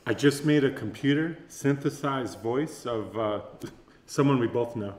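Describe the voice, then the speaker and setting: A man's voice: medium pitch, measured pace, roomy sound. A man eagerly showing off his new gadget to friends in a comedy sketch. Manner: excited, eager to show off. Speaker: friend who built the voice.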